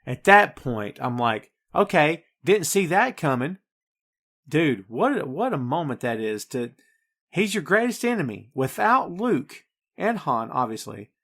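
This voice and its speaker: A man's voice: mid-range voice, a little slow. A man hosting a podcast, chatting casually and with energy about a film and addressing his listeners directly. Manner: animated, addresses listeners as folks and kids. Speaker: podcast host. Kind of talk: casual movie review chat.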